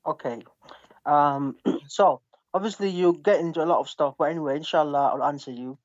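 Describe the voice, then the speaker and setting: A man debating as a guest, staying calm, reading verses aloud and asking to finish his point. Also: a little high, moderate pace, lo-fi sound. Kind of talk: live online debate.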